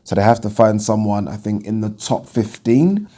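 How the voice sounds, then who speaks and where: A man talks straight to his viewers in a casual monologue. His voice sits fairly low and mellow. He is blunt and opinionated and swears freely when something annoys him. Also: lively intonation, normal speed. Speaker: boxing channel host.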